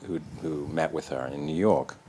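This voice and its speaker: A man, a guest in an interview, telling animated, self-deprecating stories and acting out the voices. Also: a bass voice, moderate pace, a little hiss or hum. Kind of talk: anecdotal storytelling in an interview.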